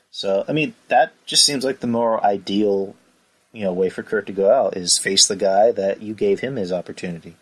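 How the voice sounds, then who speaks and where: Male podcast host, low voice with a forceful edge, rambling casual talk. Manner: rambling, full of "you know" and sighs. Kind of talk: casual chat.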